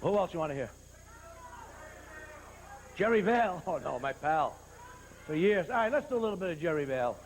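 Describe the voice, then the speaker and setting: A man, a stand-up comedian, talking to a live audience with quick, joking asides. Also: a little high, expressive, a little hiss or hum, poor audio. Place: live stage show with a band.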